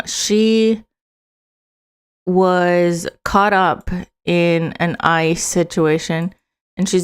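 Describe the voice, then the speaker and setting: A woman reacting to political footage with furious, expletive-laden commentary, her voice smooth and clean on the mic. She talks with open scorn and bursts of anger. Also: fairly low pitch. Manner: angry, swearing, scornful.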